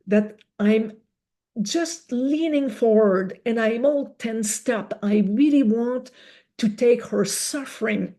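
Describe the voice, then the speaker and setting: A woman giving an educational webinar talk, explaining step by step in a measured way. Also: a little high, warm tone. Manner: slow, measured explaining with rhetorical examples. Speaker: webinar speaker.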